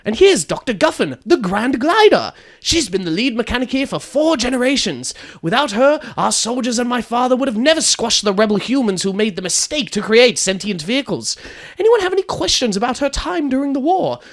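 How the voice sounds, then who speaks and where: A man's voice: very high-pitched, big pitch swings, brisk, fairly bright tone, exaggerated voice. A man voicing a blind, foul-mouthed female bus tour guide in a comedic storytelling podcast. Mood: chirpy, guiding. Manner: swings from chirpy guide patter to furious swearing.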